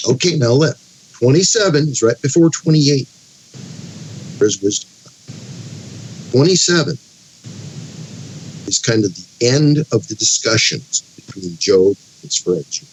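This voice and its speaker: A man, a guest pastor, explaining scripture in an animated, conversational way and reading passages aloud with emphatic expression. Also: mid-range voice, slight background noise, rough recording. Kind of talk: conversational Bible teaching.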